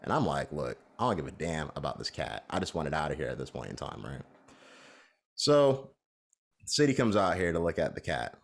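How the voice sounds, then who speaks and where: A man's voice: extremely low pitch, very animated, fairly quick, vocal fry. A man co-hosting a podcast, telling a long story in a casual, rambling way with lots of fillers. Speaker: podcast co-host.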